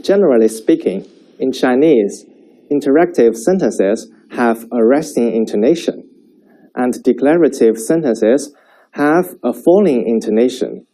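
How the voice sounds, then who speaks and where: Male language teacher, scripted lesson, slow and clear, mellow tone, lively pitch. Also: low-quality recording. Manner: slow, clear modeling of sentences for repetition.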